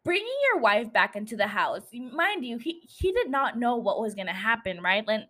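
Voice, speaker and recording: A woman's voice: a little high, very animated, moderate pace, sharp tone. A young woman hosting a casual solo podcast, rambling, swearing freely and laughing at herself. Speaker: podcast host.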